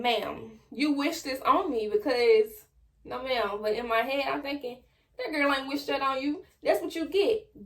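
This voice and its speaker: A young adult woman telling a personal story straight to her viewers in a casual, slangy, animated way. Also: sits high, a little slow. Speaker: vlogger.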